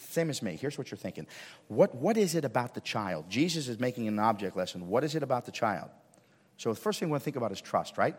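Male pastor, mid-range voice, animated sermon delivery with rapid questions, reverberant sanctuary recording. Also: mid-range voice, slightly rough. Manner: animated preaching, quizzes the congregation with quick questions. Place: church sanctuary. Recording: church service recording with long hall reverb.

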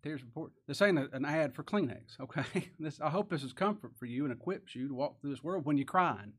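A man preaching a sermon as pastor, folksy and humorous, swinging between soft, quiet lines and loud, rising emphasis. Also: fairly high pitch, expressive, fairly quick, husky.

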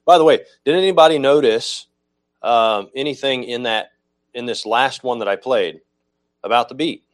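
A man's voice: medium pitch, normal speed. A man preaching a teaching sermon about music, explaining patiently, repeating himself and correcting his own slips as he goes. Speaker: pastor.

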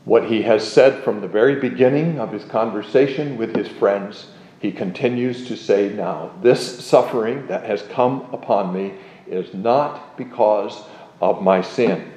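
A man giving an expository Bible lecture, explaining verses with measured, emphatic readings of scripture. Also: on the low side, warm tone, roomy sound, poor audio. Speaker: Bible teacher.

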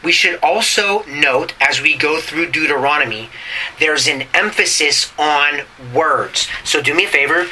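Male pastor, very bright ringing tone, teaching sermon with frequent "right?" check-ins, faint ambient noise behind. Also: a little high, poor audio. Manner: reads scripture slowly and deliberately.

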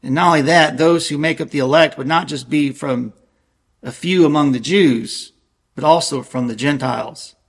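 A male preacher with a fairly high-pitched voice delivers an earnest sermon. He reads scripture aloud and leans hard on key phrases, slowing down to press them home. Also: vocal fry, husky.

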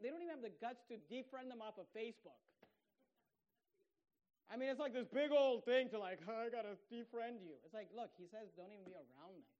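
A man preaching a sermon as pastor, reading scripture aloud and growing emphatic, at times shouting with indignation. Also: very high-pitched, dull audio. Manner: reads scripture aloud in King James wording.

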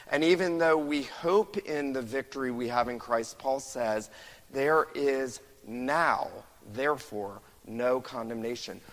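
A man preaching a sermon as pastor, impassioned, slowing down for quoted verses and building in volume. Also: mid-range voice, fairly bright tone, big-room sound, poor audio. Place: church sanctuary.

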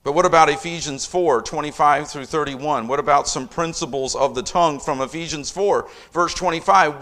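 A middle-aged man preaching a sermon as a pastor, emphatic, with loudness that rises and falls. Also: on the high side, steady tone, moderate pace.

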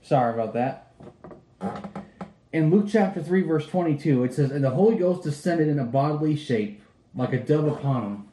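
A man's voice: mid-range voice, brisk, mellow, roomy sound, a little hiss or hum, poor audio. A man preaching a sermon, reading Bible verses aloud and then calling his listeners to be saved.

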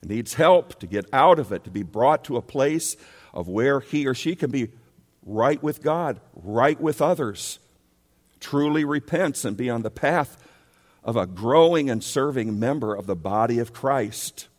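Guy preaching a sermon, mid pitched, gets emphatic and pleading, big hall echo. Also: expressive, measured pace, darkish tone. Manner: emphatic, rising to raised pleading questions. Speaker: pastor. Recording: long hall reverb.

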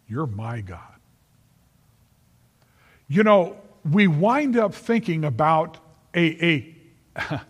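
A man preaching a sermon, earnest and emphatic, repeating phrases for stress and calling on listeners by name. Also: fairly high pitch. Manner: addresses listeners directly by name. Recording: long reverb of a large hall.

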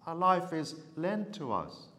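A man preaching a sermon, telling a story in an earnest, unhurried way. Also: on the high side, sing-song, bright, forceful tone, long reverb tail.

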